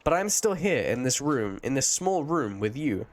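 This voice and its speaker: A man's voice: mid-range voice, big pitch swings, normal speed, natural voice. A man voicing a confused, frightened dream figure who stammers out panicky questions. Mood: bewildered.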